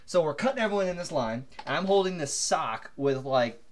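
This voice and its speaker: A man co-hosting a podcast, telling a long anecdote in an animated, rambling way full of fillers. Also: fairly high pitch, a little fast, a little hiss or hum. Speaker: podcast co-host. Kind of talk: casual storytelling chat.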